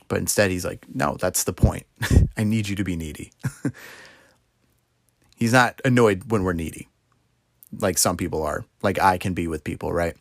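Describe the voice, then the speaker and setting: Earnest young man, deep gravelly voice. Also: no room sound, clean studio sound. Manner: earnest, conversational, many fillers like "you know". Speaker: Christian speaker. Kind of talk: casual devotional talk.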